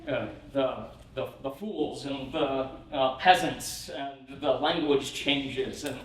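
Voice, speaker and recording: A man's voice: medium pitch, fairly even intonation, slow. A man giving an informal poetry lecture as a pastor, chatty, with many fillers, checking in with "right?". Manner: reads old verse aloud in a lifted, sing-song voice. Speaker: pastor teaching a poetry class. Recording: echoey room, mic at a distance.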